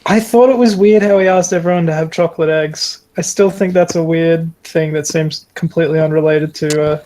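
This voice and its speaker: A man's voice: fairly high pitch, fairly even intonation, brisk, dark tone. A man co-hosting an improvised comedy podcast, dry and matter-of-fact with a playful edge. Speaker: podcast co-host.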